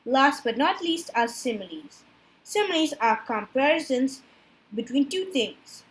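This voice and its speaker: A woman giving a class presentation from slides, halting and stumbling over technical terms. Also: high voice, big pitch swings, breathy edge. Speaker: student presenter.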